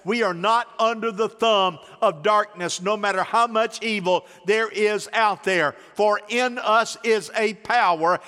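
Man preaching, stretches big words out slow, sharp bright tone, echo of a big hall. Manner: emphatic, stretches key words slowly, drops to a low aside for stories. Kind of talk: sermon. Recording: hall reverb.

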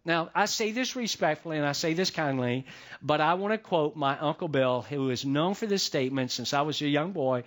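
A man's voice: on the high side, normal speed, a bit bright. A man preaching a sermon as pastor, talking in a conversational, repetitive way and checking in with the congregation.

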